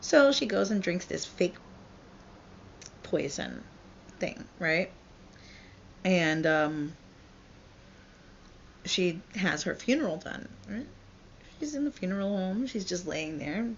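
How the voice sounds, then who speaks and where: A woman vlogger tells a story in a blunt, chatty, foul-mouthed way, like a parent venting. Her voice is gravelly at mid pitch. The recording is dull and lo-fi with faint hiss. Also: big pitch swings, takes it slowly, pauses often. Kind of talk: irreverent storytelling retelling.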